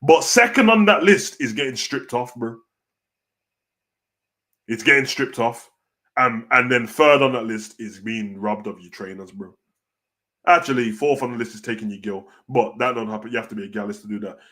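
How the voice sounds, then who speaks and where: Brief: British male wrestling reaction host, mid-range voice, chatty and animated, heavy street slang. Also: mid-range voice, moderate pace. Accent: British (London street slang). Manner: animated, slangy, peppers every line with "bro". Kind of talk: casual reaction commentary.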